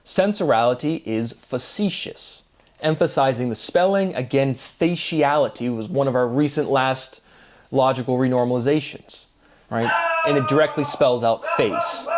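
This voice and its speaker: A man's voice: mid-range voice, normal speed, noisy background. A man thinking aloud in an unscripted solo monologue, rambling through free-associating wordplay and often checking in with "right?". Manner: thinking aloud with fillers and restarts. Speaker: host of a self-made video series.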